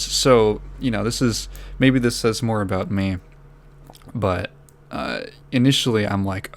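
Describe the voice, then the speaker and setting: A podcast host tells a rambling, self-deprecating story, laughing often and swearing as he goes. His lowish voice is unhurried and creaky.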